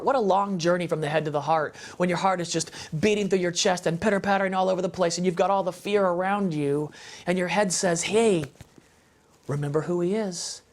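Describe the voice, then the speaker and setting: A man speaking as an interview guest in an impassioned, emphatic, preacher-like way about faith and family. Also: high-pitched.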